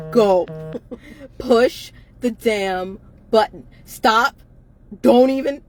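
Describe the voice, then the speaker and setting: A woman's voice: fairly high pitch, wildly swooping pitch, extremely slow, long pauses. A tired woman co-hosting a live chat, emphatic and repetitive, laughing often and swearing freely. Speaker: co-host of a live chat show. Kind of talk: casual live-stream chat.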